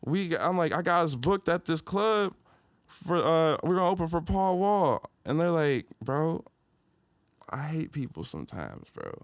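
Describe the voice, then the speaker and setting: A young man from Detroit, appearing as a podcast guest, tells a story in casual slang, breaking into loud, high-pitched retellings. His delivery is sing-song and unhurried, with no echo.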